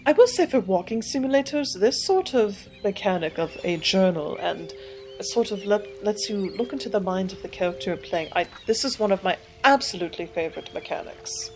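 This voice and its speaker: A woman's voice: medium pitch, lively intonation, brisk, a little mellow. A woman hosting a game playthrough, chatting and giggling as she thinks aloud. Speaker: gaming channel host. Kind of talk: let's play commentary. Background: faint game music.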